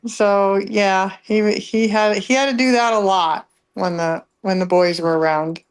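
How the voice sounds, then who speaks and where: A woman talks in a casual remote interview, circling back on her words with plenty of fillers and restarts. Her voice sits at an ordinary middle pitch. She tells family stories in an easygoing, meandering way. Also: steady tone, unhurried, clean tone. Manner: rambling, with many fillers and restarts. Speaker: relative of the voice actor, interview guest.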